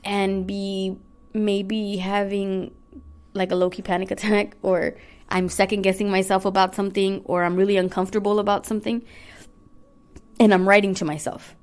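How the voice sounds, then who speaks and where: A woman co-hosting a podcast in casual chat. She talks in an animated way and swings between loud bursts and soft asides. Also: mid-range voice, normal speed, smooth. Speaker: podcast co-host.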